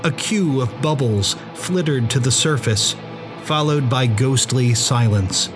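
A male narrator reads a suspense story in slow, measured audiobook style. His pitch sits at an ordinary middle. Clear music plays beneath the reading throughout.

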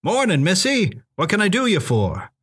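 A man's voice: high-pitched, huge pitch swings, normal speed, fairly bright tone, slightly rough, voice pushed up, exaggerated voice. A man doing a drawling folksy old backwoodsman. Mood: friendly.

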